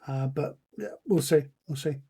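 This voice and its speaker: A man co-hosting a podcast in casual chat, laying out facts in a measured, informative way with filler words. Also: a little high, vocal fry, warm tone, slightly rough. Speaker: podcast co-host.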